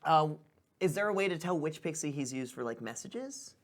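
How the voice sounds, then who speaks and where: A woman's voice: low voice, expressive, normal speed. A woman playing a tabletop game, asking question after question. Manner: inquisitive, questioning. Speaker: player.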